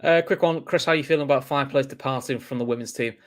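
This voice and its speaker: A man co-hosting a football reaction podcast, reading a sponsor ad and chatting casually. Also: mid-range voice. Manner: reads the sponsor ad in a quick, chatty way. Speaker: podcast co-host.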